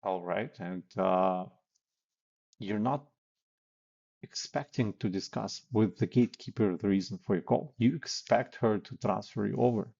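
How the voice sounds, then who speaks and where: A man's voice: fairly low pitch, measured pace, vocal fry, darkish tone, slightly rough, muffled recording. A man teaching phone sales techniques in a casual way, acting out sample call lines as he goes. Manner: casual, demonstrates cold-call lines aloud. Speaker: sales trainer. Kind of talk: instructional talk with role-play examples.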